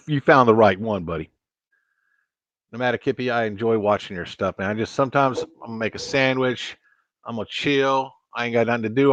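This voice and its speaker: A man's voice: mid-range voice, fairly bright tone, no room sound, highs cut off. A man chatting casually with viewers while hosting a live stream, rambling and restarting his sentences. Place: home studio at a computer.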